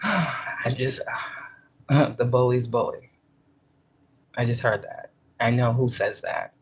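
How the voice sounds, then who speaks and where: A woman's voice: very deep voice, takes it slowly, slightly rough. Profane, emphatic woman spiritual teacher. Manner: profane and emphatic, acting out quoted voices. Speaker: workplace manager. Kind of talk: casual spiritual pep talk.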